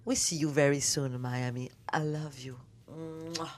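A woman from France with a heavy French accent, guesting on an interview show in a dramatic, animated way. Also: unhurried. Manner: dramatic, blows kisses, bursts into high squeals. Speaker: guest singer.

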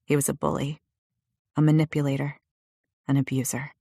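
A woman narrating a first-person audiobook in a measured, low and intimate way. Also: flat delivery, warm tone, slightly rough, no room sound, clean studio sound.

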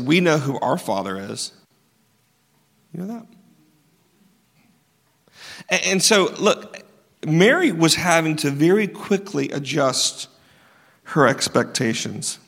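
A man's voice: on the high side, lively intonation, measured pace, long pauses, fairly bright tone. A man preaching a sermon, talking casually, joking with the congregation and firing off rhetorical questions. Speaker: pastor. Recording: long hall reverb.

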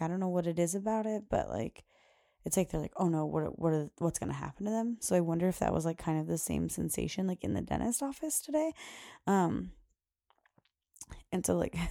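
A woman's voice: fairly low pitch, creaky, dark tone, no echo, studio quality. A young woman hosting a motherhood podcast, telling a story in a chatty way full of "like" and acted-out quotes. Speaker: podcast host. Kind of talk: casual storytelling chat.

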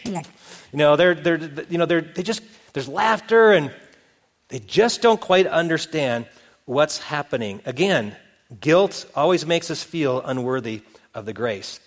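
A man's voice: fairly high pitch, animated, measured pace. A middle-aged man preaching a sermon, retelling a story and acting out its characters' voices. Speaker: pastor. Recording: long reverb of a hall.

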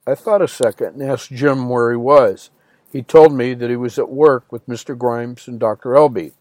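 A man's voice: medium pitch, fairly even intonation, normal speed, darkish tone, no room sound. A man reading a first-person story as an audiobook narrator, in a plain storytelling manner that lifts slightly for quoted lines.

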